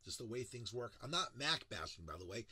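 A middle-aged man teaching presentation design in a lively lecture, acting out quotes in big voices. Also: medium pitch, a little fast, husky. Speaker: presentation instructor.

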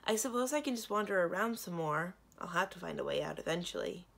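A gloomy, polite young prince made of stone, earnest and apologetic in a storybook, as a woman reading aloud puts him on. The voice is low with a gravelly edge. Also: expressive, fast, fairly bright tone, exaggerated voice.

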